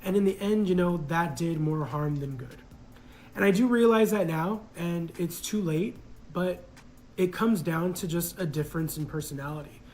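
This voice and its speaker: A man's voice: on the high side, moderate pace, darkish tone, a little hiss or hum, poor audio. A man casually telling a personal story in a reflective, hesitant way, full of fillers.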